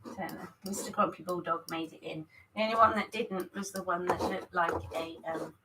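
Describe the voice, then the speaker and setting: A woman's voice: lowish voice, normal speed, background noise. A woman chatting casually with viewers on a live stream while setting up to paint, talking in a scattered way, greeting people by name and laughing often. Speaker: artist hosting a live stream.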